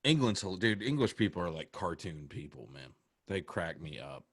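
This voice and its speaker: An American man, a comedian, chatting casually on a podcast and explaining things with animated storytelling. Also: low-pitched, normal speed, slightly rough, dry recording, studio quality. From United States. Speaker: comedian guest.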